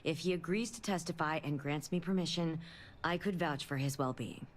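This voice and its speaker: A woman voicing a guarded doctor in a video game, polite, measured and reserved. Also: low-pitched, slight background noise, close to an everyday voice. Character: guarded female doctor bound by confidentiality.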